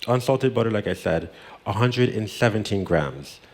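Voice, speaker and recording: A man with a fairly low voice talks through a recipe as a cooking show host. He keeps it chatty and playful, slipping in Spanish words as he goes. Faint kitchen ambience sits behind him. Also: animated, normal speed, darkish tone, a little hiss or hum. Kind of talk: casual cooking demonstration. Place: home kitchen.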